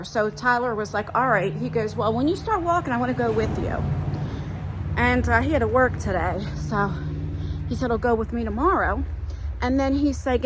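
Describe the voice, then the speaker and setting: A woman's voice: on the high side, slight background noise, rough recording. Chatty woman vlogging on a walk. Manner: chatty, rambling, many fillers. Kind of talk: casual walk-and-talk vlog. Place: outdoors on a walk.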